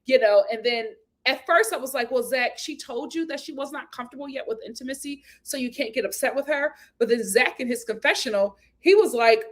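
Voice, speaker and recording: A woman host giving a casual, gossipy recap of a reality show, animated and laughing often as she acts out what people said. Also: a little high, a little fast, hardly any pauses.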